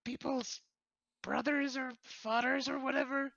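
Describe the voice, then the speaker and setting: A woman's voice: high voice, steady tone, unhurried, vocal fry, a bit bright, no room sound, muffled recording. A woman playing at a tabletop game, hesitant and doubtful, stumbling over words. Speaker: player. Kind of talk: in-character tabletop play.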